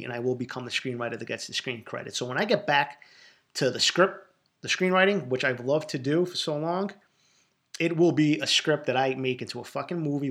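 A man's voice: medium pitch, fairly bright tone. A man with a Boston accent hosting a solo podcast, answering listener questions in an emphatic, profane, boastful way. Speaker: podcast host.

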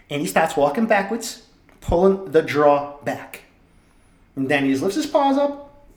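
A young man, hosting a podcast and telling stories in an animated, profane, jokey way. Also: sits high, reverberant. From Boston area. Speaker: podcast host. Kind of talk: casual storytelling monologue.

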